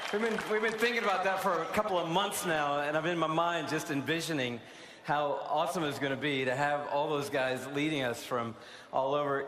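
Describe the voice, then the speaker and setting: Fired-up host guy on a stage mic, kinda high voice, big booming arena, crowd noise all around. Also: reverberant. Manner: gushing, loose, with fillers and restarts. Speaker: conference host. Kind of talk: excited stage address. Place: large indoor arena.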